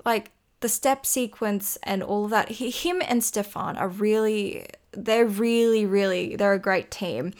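This is a woman co-hosting a relaxed conversation about figure skating. She talks in a chatty, gushing way and keeps tossing in playful asides. Her voice sits at an ordinary middle pitch. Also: unhurried. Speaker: podcast co-host. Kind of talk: casual chat reviewing figure skating.

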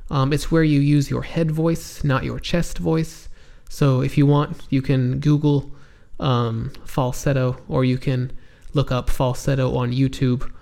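Male teacher, slow and patient, gravelly low-register voice, explains vocabulary step by step. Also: little pitch movement, mellow. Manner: patient, spells out words, frequent ums and restarts. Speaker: English teacher.

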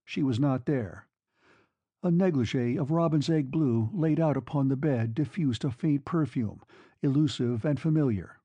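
A man narrating a classic novel in a measured, expressive audiobook reading. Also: medium pitch, dry recording.

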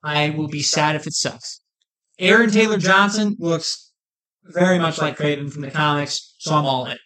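A man co-hosting a casual fan podcast, talking with excited, animated energy. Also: on the high side, normal speed. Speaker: podcast co-host. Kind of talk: casual chat.

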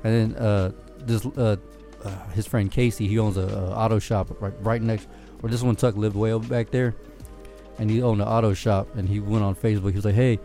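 A man's voice: on the low side, fairly even intonation, fairly quick, warm tone, faint music behind. A man telling rambling, profane stories in a casual chat among friends, laughing often.

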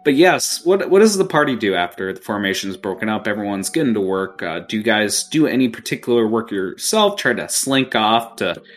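A man's voice: on the low side, big pitch swings, fairly quick, few pauses, soft background music. A young man acting as game master, narrating a tabletop game in a vivid, casual way. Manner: vivid, casual, gory storytelling.

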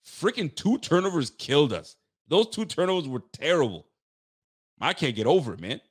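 A man's voice: a little high, big pitch swings, normal speed, breathy edge. Heated man ranting about football. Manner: fired-up, rambling with restarts and street slang. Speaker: sports fan commentator.

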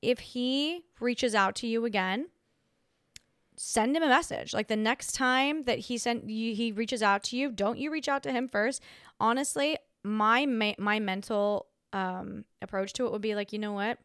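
Young female podcast host, higher voice, dry close mic, sassy and blunt casual advice. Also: measured pace, fairly bright tone, clean tone, no echo.

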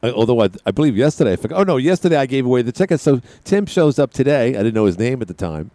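A man's voice: mid-range voice, very animated, racing, mellow, dry recording. A man hosting a call-in radio show, chatting in a rambling, joking way with plenty of side tangents. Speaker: radio talk show host. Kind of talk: call-in talk radio chat.

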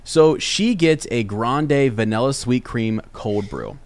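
A man's voice: medium pitch, slow, no room sound. Young man, podcast host, casual rambling storyteller, dry close sound. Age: young adult. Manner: rambling, animated storyteller with many restarts.

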